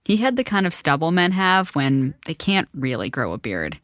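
A woman reporter narrating a documentary story in a measured, wry storytelling voice. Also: low-pitched, big pitch swings, a bit bright, dry recording, studio quality.

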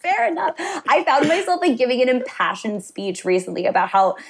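This is a young woman, talking casually into a podcast mic. She is animated and giggly, piling up fillers as she goes. She sounds like a relaxed co-host trading stories with a friend. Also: sits high, a little fast, a loud crowd. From New York. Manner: animated, laughing often, lots of fillers. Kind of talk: casual chat.

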